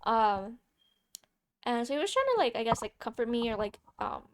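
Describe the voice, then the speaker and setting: A young woman vlogger telling a casual story, chatty and playful, swearing freely with quick asides. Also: fairly high pitch, big pitch swings, background noise.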